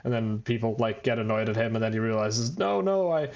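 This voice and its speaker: A man's voice: fairly low pitch, quick pace, dull audio. A young man co-hosting a podcast, chatting casually and animatedly about a manga he loves. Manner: animated, laughing, acts out characters in quoted voices. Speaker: podcast co-host. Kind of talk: casual chat.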